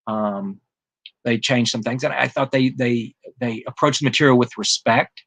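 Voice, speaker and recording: A man's voice: medium pitch, fairly even intonation, moderate pace, a bit bright, no room sound. A man speaking as the guest author in an interview, in an earnest and thoughtful way. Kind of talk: interview conversation.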